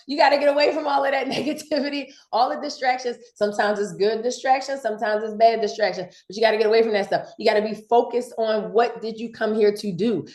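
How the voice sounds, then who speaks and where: A woman from giving an excited, fast motivational sales training talk, repeating her points. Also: mid-range voice, roomy sound. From Philadelphia.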